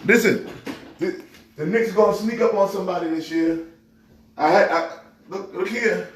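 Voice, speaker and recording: A man's voice: high-pitched, normal speed, pauses often. A pastor hosting a casual sports vlog, talking emphatically and rambling through his trash talk. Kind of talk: casual sports chat to camera. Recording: echoey room.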